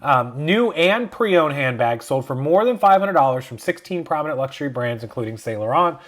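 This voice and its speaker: A man's voice: on the high side, expressive, moderate pace. A man hosting a reselling vlog who reads a news story aloud and breaks off into casual asides. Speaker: reselling channel host.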